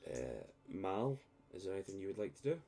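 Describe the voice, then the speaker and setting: A male game master narrating a tabletop game in a measured, descriptive way. His voice is low and mellow. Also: very animated, a little hiss or hum.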